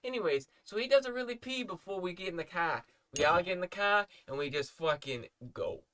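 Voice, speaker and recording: A man's voice: high voice, expressive, a little fast, a bit bright, slight background noise. A young man telling a story in casual podcast chat, rambling and swearing, full of fillers. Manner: profane, rambling with many fillers. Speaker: podcast co-host.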